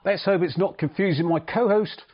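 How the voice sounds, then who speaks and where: A man's voice: high voice, moderate pace, dull audio, noisy background. A man hosting a podcast in casual chat, self-deprecating and stumbling over his words. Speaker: podcast host.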